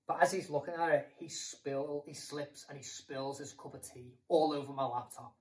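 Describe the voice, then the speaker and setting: A man's voice: fairly high pitch, moderate pace, few pauses, a bit bright, far from the mic, low-quality recording. A British man preaching a sermon in a conversational way, asking rhetorical questions and repeating himself.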